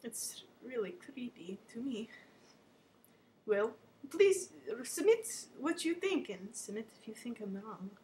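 A woman's voice: high voice, slight background noise. Theatrical woman hosting a mock show. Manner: theatrical and bossy, swinging between loud scolding and dropping into hushed asides. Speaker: host of a homemade comedy show.

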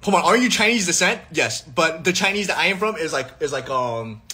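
A young man in his twenties talks live to his viewers, rambling and joking, and he keeps restarting his sentences. His voice sits fairly high and sounds bright. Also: animated, fairly quick, husky. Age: 20s. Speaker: livestream host. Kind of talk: casual live stream chat. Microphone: phone livestream.

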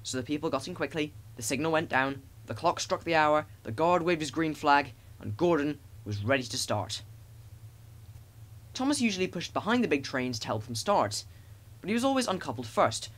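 A man narrating a children's storybook with expressive, animated storytelling. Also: a little high, brisk. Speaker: audiobook narrator.

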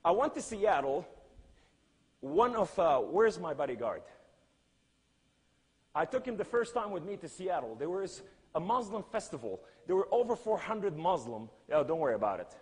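A man preaching a sermon and telling a story in emphatic, non-native English, swinging between loud cries and hushed lines. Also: high voice, big pitch swings, normal speed, husky, in a large hall.

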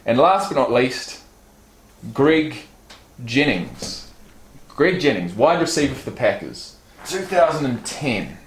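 A man casually unboxing fan gifts on his vlog, reading card stats and a letter aloud and swearing now and then. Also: mid-range voice. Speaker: YouTube vlogger. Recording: roomy echo.

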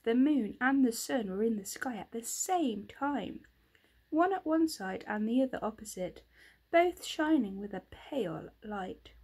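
Woman teacher, storybook read-aloud, gentle and expressive, unhurried. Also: fairly high pitch, slightly rough.

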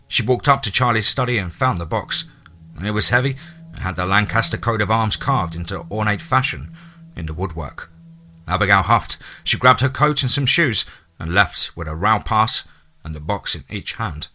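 A man narrating a horror story theatrically, dropping low and quiet for suspense. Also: lively intonation, normal speed.

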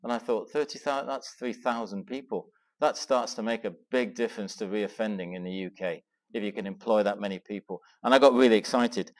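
A middle-aged man from England telling an animated personal story to a Christian men's gathering, acting out the dialogue as he goes. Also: on the low side, brisk. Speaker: speaker at a men's Christian weekend. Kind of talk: storytelling talk to a live audience.

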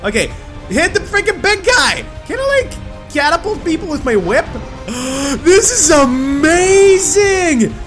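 A young man giving excited, loud gameplay commentary as a gaming video host. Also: very high voice, takes it slowly. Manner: hyped, loud exclamations and laughter. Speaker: gaming YouTuber. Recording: background music under voice.

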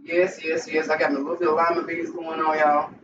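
A man with a fairly high voice gushes and exclaims his way through a casual cooking vlog at home. He sounds distant and roomy, as if caught from across the kitchen. The recording is dull and lo-fi with clear noise underneath. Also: a little fast. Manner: gushing, exclamatory, keeps saying how excited he is. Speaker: home cook channel host.

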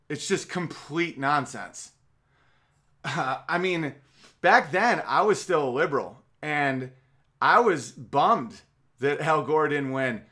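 A man's voice: medium pitch, a little slow, pushed and bright. A man hosting a podcast, delivering a casual comedic monologue in a rambling, profane, emphatic way.

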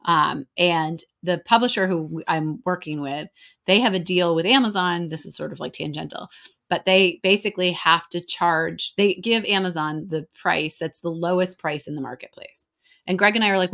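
A woman with an American accent, talking casually as a guest in an interview, chatty and quick, with lots of "like" and "right?". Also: on the low side, creaky, a bit bright. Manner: chatty, fast, heavy on filler "like" and "right?".

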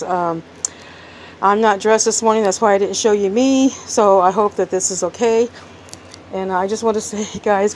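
A woman's voice: medium pitch, a little mellow, a little hiss or hum, low-quality recording. A woman showing her kitchen projects in a chatty home vlog, filming one-handed on her phone and a little out of breath. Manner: chatty, talks while working one-handed. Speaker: cooking vlogger. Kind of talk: casual kitchen demonstration. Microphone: handheld phone.

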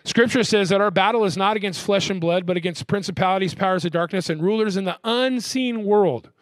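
A man preaching a sermon as pastor, asking the crowd "amen?" and slowing down to stress key words. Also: sits high, dry recording, clean studio sound. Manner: call-and-response preaching, frequent "amen?".

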